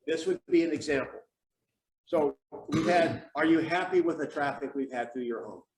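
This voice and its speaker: Blunt sales coach in an echoey room. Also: male voice, a little high, normal speed, recorded from a distance, background noise. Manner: blunt, pushy questioning. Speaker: real estate sales coach. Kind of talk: live training seminar, running role-plays. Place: training room with a group.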